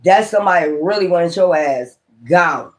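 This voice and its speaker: High-voiced man giving a profane tarot reading. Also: normal speed. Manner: profane, exclamatory and rambling. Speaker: tarot reader.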